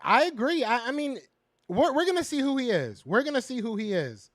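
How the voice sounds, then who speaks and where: A man's voice: extremely high pitch, very animated, a little fast, no room sound, studio quality. A man hosting a casual fan podcast, ranting in frustration, repeating himself and answering viewers' chat. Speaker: podcast host reading live chat.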